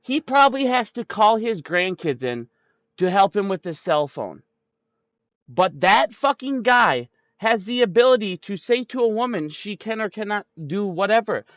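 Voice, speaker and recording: Man, young, high voice, profane, combative political rant, dry dull recording. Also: very animated, moderate pace, fairly bright tone, no echo. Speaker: streamer. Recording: dull, dry close-mic sound.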